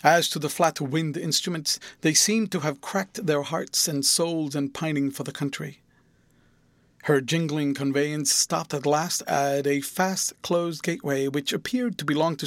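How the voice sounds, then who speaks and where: Expressive male audiobook narrator. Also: fairly high pitch, no room sound. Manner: measured, expressive storytelling.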